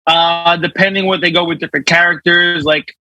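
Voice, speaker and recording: A man on a podcast chatting casually in a relaxed, hedging way with many fillers. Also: a little high, fairly quick, dry recording, low-quality recording. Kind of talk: casual chat.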